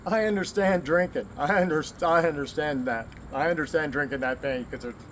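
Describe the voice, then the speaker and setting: High-pitched guy rambling to camera, swears and chuckles a lot, faint traffic hum behind. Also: moderate pace, fairly bright tone. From American Southwest. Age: 40s or older. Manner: candid, profane, laughs often. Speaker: vlogger. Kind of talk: rambling personal monologue.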